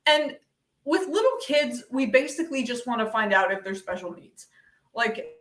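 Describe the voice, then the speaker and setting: A young woman doing a deadpan stand-up set over a video call, with many ums. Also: on the high side, moderate pace. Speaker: stand-up comedian. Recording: echoey room, distant from mic.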